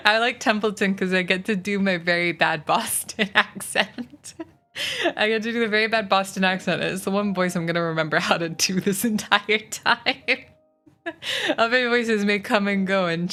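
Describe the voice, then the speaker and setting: A woman streaming a book reading, narrating chapters and chatting with viewers in a giggly, friendly way. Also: medium pitch. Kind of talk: casual livestream storytelling. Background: soft music.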